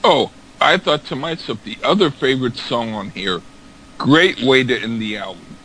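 A man's voice: medium pitch, lively intonation, sharp tone, a little hiss or hum, poor audio. Rambling man in casual chat. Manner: rambling, halting, repeats words. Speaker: podcast co-host.

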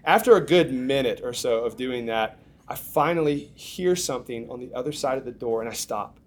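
A young man preaching, telling a funny story with big swings from hushed lines to shouted ones. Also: mid-range voice, moderate pace, a little hiss or hum. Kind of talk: storytelling sermon.

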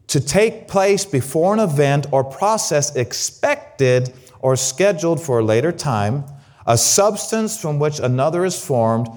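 A middle-aged man preaching as a guest pastor, repeating words and acting out shouts of praise. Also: mid-range voice. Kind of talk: sermon.

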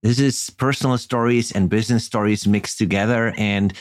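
A man's voice: lowish voice, fairly even intonation, moderate pace, no echo, clean studio sound. A man hosting a podcast, asking thoughtful questions in an easygoing way. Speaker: podcast host. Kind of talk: interview questions.

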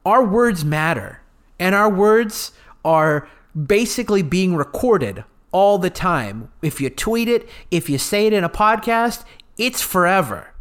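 A man's voice: high voice, lively intonation, measured pace, a bit bright. A man hosting a solo podcast, talking earnestly and with opinions, thinking aloud with fillers. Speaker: podcast host.

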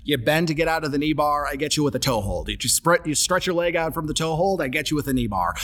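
A man hosting a podcast, telling a story in an animated, casual way with joking asides. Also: on the high side, quick pace. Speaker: podcast host.

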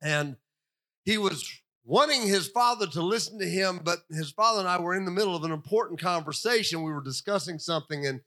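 An older man preaching a sermon, animated and storytelling, acting out the voices he quotes. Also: high-pitched, a little fast. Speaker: pastor.

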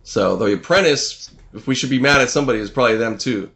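A man in casual podcast chat, rambling and halting, often trailing off mid-thought. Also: mid-range voice, vocal fry, fairly bright tone.

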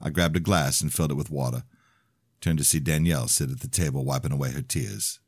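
A man's voice: rumbling low, fairly even intonation, fast talker, darkish tone, no room sound, studio quality. A man narrating his own novel in the first person, in a plain storytelling manner.

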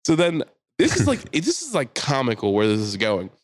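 A man telling a long story in casual podcast chat, acting out the people in it with shouted lines. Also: on the low side, a little fast, no echo, clean studio sound. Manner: animated storyteller, mimics shouting voices. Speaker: podcast co-host.

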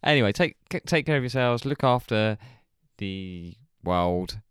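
A man's voice: lowish voice, animated, a little slow, clean tone, no room sound, studio quality. A man from England co-hosting a podcast in laid-back casual chat. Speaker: podcast co-host.

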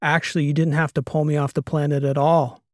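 A man's voice: fairly high pitch, flat delivery, brisk, dry recording, studio quality, lightly acted. A man voicing an exasperated male historian. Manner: exasperated, demanding questions. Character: agitated male historian, blunt and incredulous.

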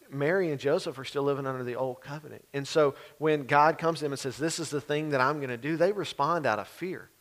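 Man preaching, relaxed and chatty, acts out voices in the story. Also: fairly high pitch. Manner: conversational preaching, acts out voices of biblical figures. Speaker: pastor. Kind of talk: sermon.

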